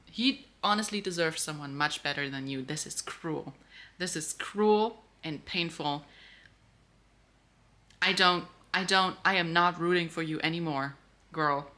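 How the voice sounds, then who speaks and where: Woman ranting casually about a book, bright edgy voice, low-ish pitch. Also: measured pace. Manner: animated, outspoken, swears freely. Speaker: book vlogger. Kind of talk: casual reading reaction.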